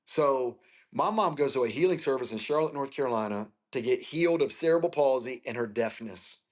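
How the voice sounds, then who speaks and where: Animated and brisk, a mid-range-voiced pastor in his forties from Florida relates his life story as an interview guest. Earnest and emotional, he speaks over a video call.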